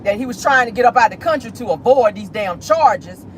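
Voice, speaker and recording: A woman giving sassy, animated celebrity gossip commentary while driving in her car. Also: on the high side, brisk, a little hiss or hum, low-quality recording. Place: in a car, driving near an airport.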